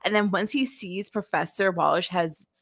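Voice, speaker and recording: A woman's voice: on the low side, moderate pace, no echo, clean studio sound. A woman co-hosting a podcast, talking casually about a TV episode in a rambling way, full of "um" and "like". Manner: rambling, with many fillers like "um" and "like". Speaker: podcast co-host. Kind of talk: casual chat recapping a TV episode.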